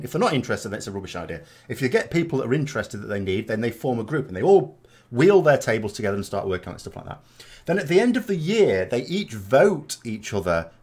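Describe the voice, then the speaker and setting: Chatty British man with lively pitch. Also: slightly rough. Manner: chatty, rambling, with rhetorical asides and tag questions. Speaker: gaming vlogger. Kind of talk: casual chat reading viewer comments.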